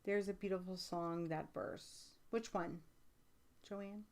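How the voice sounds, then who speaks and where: An American woman hosting a live stream as a psychic reader, chatting casually with viewers, rambling with many fillers and turning emphatic when excited. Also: on the low side, slow. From United States. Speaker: livestream host and psychic reader. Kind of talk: casual livestream chat, answering viewer comments.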